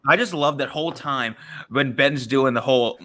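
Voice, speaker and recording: Bright, playful man laughing through chat. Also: mid-range voice, normal speed. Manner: playful, laughs a lot, self-mocking. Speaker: podcast host. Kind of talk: casual chat.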